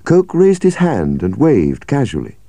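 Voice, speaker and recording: A man narrating a story with a measured, expressive reading. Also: medium pitch, creaky, no room sound. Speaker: audiobook narrator.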